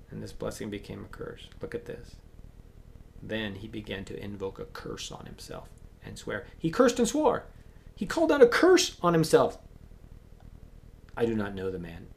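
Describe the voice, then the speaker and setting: A man preaching a sermon as pastor, acting out Bible voices and swinging between loud emphasis and hushed asides. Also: on the low side, creaky, slight background noise.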